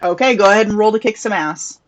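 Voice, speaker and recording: A woman narrating as game master of a tabletop role-playing game, in a relaxed, casual way. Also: medium pitch, quick pace, a crowd in the background, rough recording.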